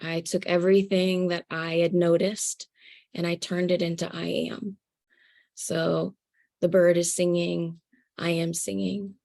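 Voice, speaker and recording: A woman telling a personal spiritual story to an audience, earnest and halting, with fillers and soft laughs. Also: on the low side, little pitch movement, creaky.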